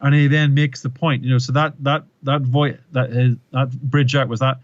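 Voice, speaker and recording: A male presentation coach talks through a story with emphasis, stumbling and repeating words as he builds his points. His pitch sits in the middle of the range. The audio is dull and dry, as if it were a muffled close mic. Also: flat delivery, normal speed, no echo. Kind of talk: animated interview storytelling.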